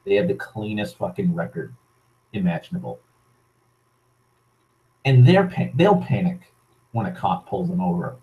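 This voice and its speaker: A man's voice: sits low, very animated, measured pace, pauses often, dark tone, rough recording. A young man from Massachusetts ranting casually into his camera, heavy with profanity, sardonic asides and rambling restarts. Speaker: vlogger. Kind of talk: casual rant.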